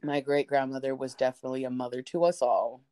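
A woman telling family stories in a casual podcast chat, animated and swearing, acting out the people she quotes. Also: very deep voice, quick pace, clear, resonant tone. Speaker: podcast co-host.

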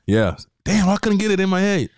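A young man co-hosting a casual MMA podcast, excitable and slangy, often talking over his partner. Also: high-pitched, fairly quick. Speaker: podcast co-host.

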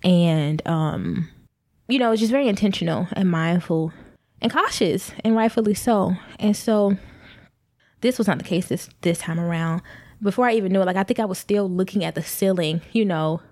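A woman's voice: on the low side, normal speed, a little mellow, no echo, clean studio sound. A young pregnant woman candidly telling a personal story to her viewers, rambling a little and speaking to them directly. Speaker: vlogger.

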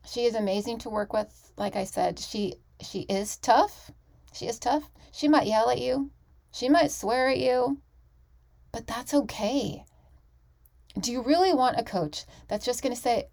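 A woman's voice: a little high, lively intonation, measured pace, creaky, darkish tone. A woman hosting her own podcast and talking through a casual solo monologue in a candid, emphatic way, often restarting her sentences. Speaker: podcast host.

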